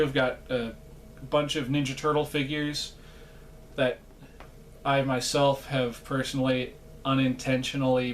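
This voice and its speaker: A man talking straight to camera in a loose, rambling vlog, full of fillers and self-mocking asides. His pitch sits in a plain middle range. Faint noise hums under the recording. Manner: rambling, chatty, self-deprecating, many fillers. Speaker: vlogger.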